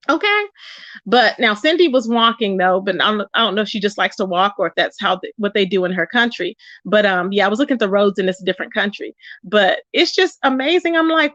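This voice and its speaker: A woman's voice: medium pitch, expressive, brisk, a bit bright, dry recording, dull audio. A woman hosting a casual livestream gossip chat, greeting viewers by name and calling them child and baby. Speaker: livestream commentary host.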